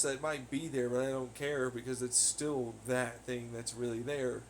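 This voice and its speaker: A man's voice: medium pitch, steady tone, normal speed, hardly any pauses, slight background noise. A young man rambling casually on his own podcast, cursing heavily as he rants. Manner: heavy swearing, ranting. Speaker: podcast host. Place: home on laundry day.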